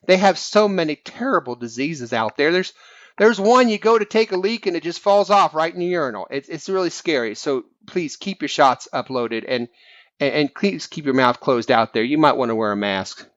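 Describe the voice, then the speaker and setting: A man's voice: on the high side, expressive, moderate pace, a bit bright, dry recording, muffled recording. A man voicing a self-appointed preacher who blesses his friends while slyly insulting them, in a sing-song preachy manner. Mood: fussing. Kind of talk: comic preacher impression on a fan podcast.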